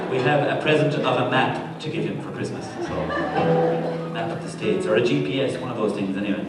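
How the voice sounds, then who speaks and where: A man's voice: mid-range voice, fairly even intonation, brisk, heavy background noise. A man from Ireland, out of breath, chatting on stage between songs in a chatty, self-mocking way. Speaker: touring band member. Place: live music venue. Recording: echoey live room from far off, loud music.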